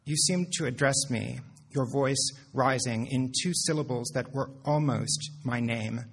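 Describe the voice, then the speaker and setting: A man, a poet, reading his own poetry in a measured, deadpan recitation. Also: medium pitch, slightly rough.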